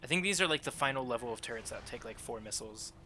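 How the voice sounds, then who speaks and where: A man's voice: medium pitch, expressive, very fast, background noise. A man casually commenting as his friend plays a game, chatty and laughing often. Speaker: guide watching a friend play.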